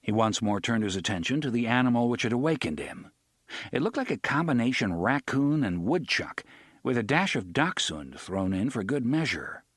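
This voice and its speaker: A man narrating an audiobook in a steady, measured reading. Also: medium pitch, husky, no room sound, studio quality.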